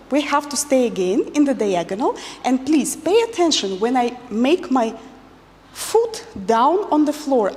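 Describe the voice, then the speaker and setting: High-voiced woman teaching dance slowly. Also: a little mellow, big-room sound. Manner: patient, counts beats aloud while demonstrating. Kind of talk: instructional dance lesson.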